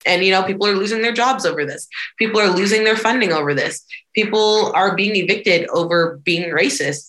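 A woman activist answering interview questions in a lively, conversational way, often acting out other people's voices. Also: on the low side. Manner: animated, acts out quoted voices. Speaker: activist guest.

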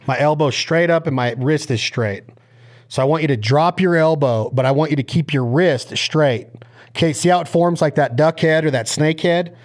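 A man hosting a podcast in casual chat. He is energetic, talks over his guest at times, and coaches his guest step by step. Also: fairly high pitch, normal speed. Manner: coaching and instructive. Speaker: podcast host.

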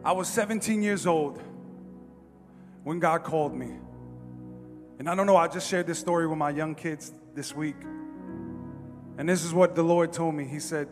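Male preacher, high voice, emphatic and animated, long church reverb, music underneath. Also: moderate pace, pauses often. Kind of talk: sermon.

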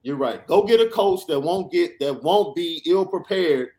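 Emphatic sarcastic podcast host man. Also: fairly high pitch. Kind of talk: animated sports podcast rant.

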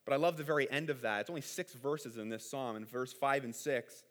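A man preaching a sermon as a pastor, earnest and conversational, often repeating words and adding quick asides. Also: medium pitch, fairly bright tone.

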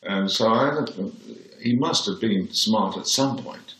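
A man's voice: lowish voice, measured pace, a bit bright, roomy sound, low-quality recording. A man in his seventies from England with a plummy English accent, telling dry, blunt anecdotes as an interview guest. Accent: posh English, Birmingham-born. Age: 70s.

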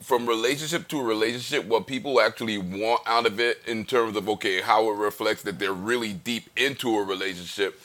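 A man's voice: on the low side, steady tone, fairly quick, few pauses, a bit bright. A man who is a podcast guest, chatting casually in a rambling, self-deprecating way. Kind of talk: casual chat.

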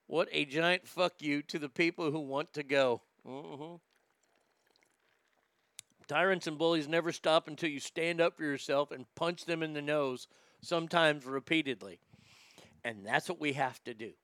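A man's voice: fairly high pitch, moderate pace, a bit bright, no room sound, clean studio sound. A male comedian hosting a livestream, reading chat aloud and ranting in a blunt, profane way. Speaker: comedian host.

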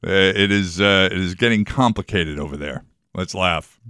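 A man's voice: low-pitched, moderate pace, pushed and bright, smooth, no echo. Male radio host, casual banter, joke teller, dry studio sound. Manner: jokey storyteller, acts out voices in jokes. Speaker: radio morning show host. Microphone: studio microphone.

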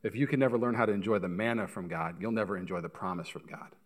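A pastor preaching a sermon, telling stories with energy and speaking straight to the congregation. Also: male voice, lowish voice, quick pace. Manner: animated storytelling, acts out voices, addresses congregation directly.

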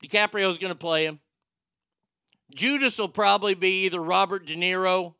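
A man's voice: high voice, normal speed, sharp tone, smooth, dry recording, clean studio sound. Irreverent joking male host. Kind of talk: casual comedic banter.

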